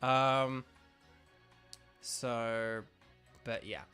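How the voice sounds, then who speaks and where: A man's voice: medium pitch, steady tone, extremely slow, sharp tone, clear, resonant tone, faint music behind. A man streaming a video game, chatting casually with viewers in a rambling, enthusiastic way full of fillers. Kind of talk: casual live-stream chat.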